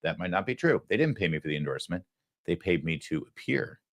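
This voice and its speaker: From a studio, a political talk show host speaks in a low, animated, fast voice with no room sound. He peppers his talk with sarcastic, mocking asides.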